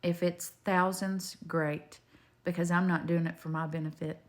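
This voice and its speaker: A woman's voice: fairly low pitch, flat delivery, normal speed. An older woman, talking straight to her viewers in a rambling, homespun faith video full of digressions. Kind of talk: rambling faith testimony to camera.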